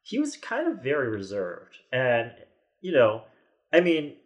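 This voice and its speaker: A man's voice: mid-range voice, wildly swooping pitch, a little slow, lo-fi sound. A man in his forties, a podcast guest, telling a story in casual chat with many restarts and quoted asides.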